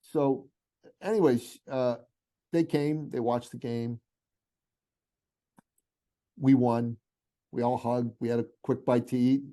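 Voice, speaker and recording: Mellow-voiced man telling a heartfelt story. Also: mid-range voice, slow, pauses often. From Iran. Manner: animated, heartfelt storyteller with conversational asides. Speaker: podcast guest, business coach. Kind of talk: casual storytelling interview.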